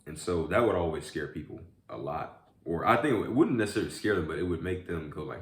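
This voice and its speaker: Deep-voiced man rambling in an echoey room. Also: animated, fast. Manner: rambling storyteller, many fillers. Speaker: vlogger. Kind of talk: casual chat while eating.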